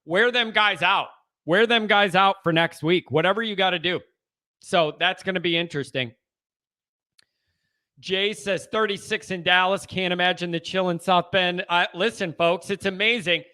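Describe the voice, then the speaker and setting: Hosting a sports fan call-in show, a man with a Midwest American accent chats casually in a high, pushed, bright voice at normal speed. He gets fired up and repeats himself.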